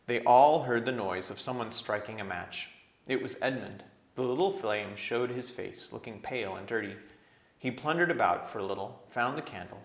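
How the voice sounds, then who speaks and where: A man, a teacher, reading a children's book aloud in steady storytelling narration. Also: medium pitch, normal speed, roomy sound.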